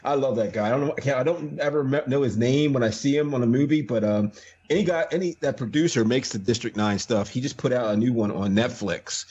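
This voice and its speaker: A man's voice: medium pitch, fast talker, darkish tone, husky. American guy hosting, lots of ums, easygoing, bit muffled audio. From United States. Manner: hesitant, lots of fillers, easy laughs. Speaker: host reading chat. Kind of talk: casual chat on a live show.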